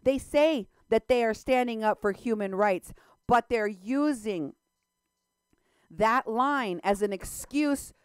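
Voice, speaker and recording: A woman's voice: on the high side, takes it slowly, clear, resonant tone, no echo. A woman co-hosting a talk radio interview in a studio, speaking in an impassioned, emphatic way. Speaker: radio show co-host.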